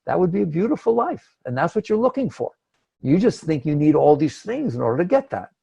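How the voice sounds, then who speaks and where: A man's voice: a little high, big pitch swings, brisk, gravelly, dark tone, breathy edge. A man giving a conversational spiritual talk, emphatic and acting out inner thoughts. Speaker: spiritual teacher.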